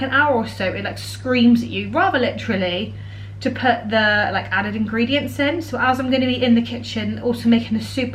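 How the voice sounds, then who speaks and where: A woman's voice: a little high, a bit bright, slight background noise, rough recording. A woman with a British English accent talking casually and cheerfully in a home cookery vlog, laughing often. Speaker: vlogger, homemaker. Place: home kitchen.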